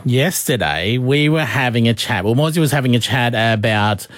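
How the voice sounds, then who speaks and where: A man's voice: mid-range voice, lively intonation, normal speed. A man in his forties with an Australian accent, hosting a radio show in playful, casual banter. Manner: playful, laughing often. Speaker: radio breakfast host.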